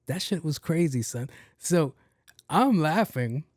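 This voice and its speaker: A man hosting his own podcast, telling a comic story in a profane, animated rant and acting out what other people said. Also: a little high, takes it slowly, no echo, clean studio sound. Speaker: podcast host. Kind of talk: solo comedic storytelling rant.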